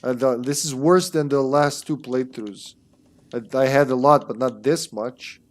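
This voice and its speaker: A man's voice: medium pitch, unhurried. A young man giving casual, rambling gameplay commentary as a streamer, with critical asides and mild swearing.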